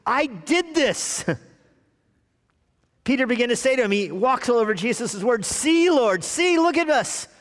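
Guy preaching a sunday sermon, kinda high voice, swings from loud to hushed, big echoey church. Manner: animated preaching, dropping to quiet asides. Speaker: pastor. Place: church sanctuary. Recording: long reverb of a church hall.

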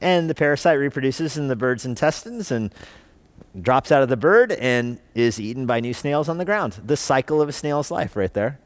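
Animated man preaching a sermon. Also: medium pitch, moderate pace, dry recording. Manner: animated, conversational preaching with rhetorical questions. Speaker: pastor. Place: church.

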